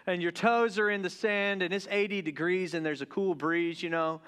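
A man from the Deep South, preaching a casual, joking sermon to his church and tripping over his words in his excitement. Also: normal speed, clear, resonant tone. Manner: joking, excitable, stumbles and restarts. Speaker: pastor. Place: church sanctuary.

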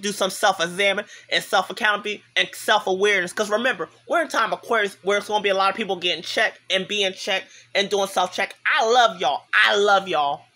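A man's voice: high-pitched, pushed and bright. A man speaking in an impassioned, preachy, repetitive monologue to his viewers, tearful as he talks. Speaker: vlogger. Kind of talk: emotional direct-to-camera monologue.

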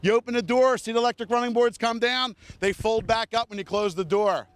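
A man hosting a TV car commercial, rattling off vehicle features in an enthusiastic hard-sell pitch and talking straight to viewers and the cameraman, outdoors on a dealership lot. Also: fairly even intonation, slight background noise. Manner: rapid-fire enthusiastic sales pitch, listing features; addresses viewers and cameraman directly. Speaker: car dealership salesman and show host.

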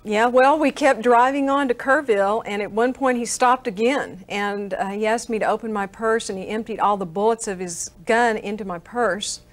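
A woman's voice: a little high, normal speed, few pauses, no echo. An older woman, an interview guest, earnestly recounting a personal story and acting out the dialogue she remembers.

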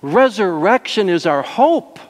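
A male pastor preaching a sermon, moving between soft, slow lines and emphatic, raised ones. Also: sits high, very animated. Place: church sanctuary. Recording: long reverb of a church hall.

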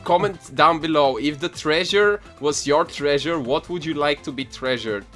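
A man's voice: a little high, normal speed, fairly bright tone. A young man casually bantering while playing a game, playful and giggly, reading game text aloud. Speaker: gaming YouTuber host. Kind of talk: casual multiplayer gaming banter. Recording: game music playing behind.

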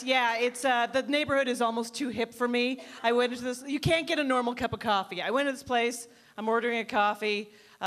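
A woman in her thirties doing a stand-up comedy routine in a club, telling dry, self-deprecating stories and jumping up in pitch for quoted people. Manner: quick animated voices for quoted people.

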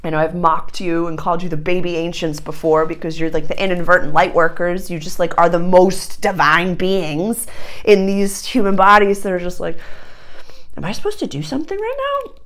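A woman giving a casual astrology reading to camera, talking effusively in bursts full of "like", laughing often and jumping up into high excited tones. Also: moderate pace.

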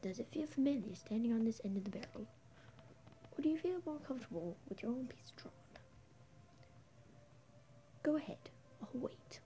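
A woman's voice: fairly high pitch, lively intonation, fairly quick, warm tone, a little hiss or hum, low-quality recording. Woman putting on a taunting Australian drifter. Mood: menacing. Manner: mocking, drawling, mostly whispered. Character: grizzled homeless drifter man, taunting and unhinged. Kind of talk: voicing game dialogue aloud.

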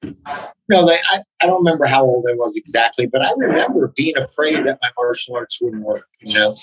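A man being interviewed on a podcast, telling stories in a halting, reflective way. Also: medium pitch, fairly bright tone, slightly rough, no room sound, low-quality recording. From United States. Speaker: podcast guest, jiu-jitsu black belt. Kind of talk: casual interview, storytelling.

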